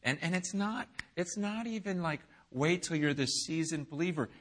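A middle-aged man preaching a sermon, telling a story with acted-out quotes that swing from hushed to shouting. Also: a little high, animated, moderate pace. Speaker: pastor.

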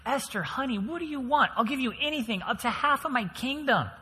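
Pastor putting on a doting king, high and indulgent, bright voice, long hall reverb. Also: expressive, brisk, slightly rough, full character voice. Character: doting king, grown man, generous and impulsive.

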